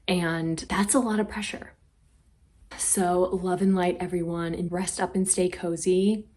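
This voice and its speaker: A woman's voice: on the low side, fairly even intonation, a little slow, a little mellow. A woman hosting a casual commentary vlog, chatty and playfully dramatic. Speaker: vlog host.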